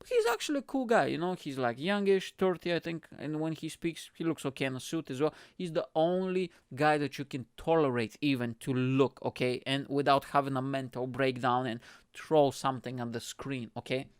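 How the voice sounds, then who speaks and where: A man hosting his own show, talking in a casual, rambling and animated way, swearing and laughing often. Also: medium pitch, normal speed, smooth, no echo, clean studio sound. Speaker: podcast host. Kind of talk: casual solo commentary.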